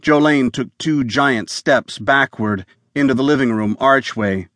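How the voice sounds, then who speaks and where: A man narrating a thriller audiobook in a steady, measured way. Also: medium pitch, no echo. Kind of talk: scripted narration.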